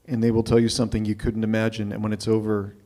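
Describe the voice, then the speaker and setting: A man's voice: on the low side, completely flat delivery, fast, dark tone. A man hosting a live open mic, thanking a storyteller and introducing the next one in a reflective way. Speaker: host.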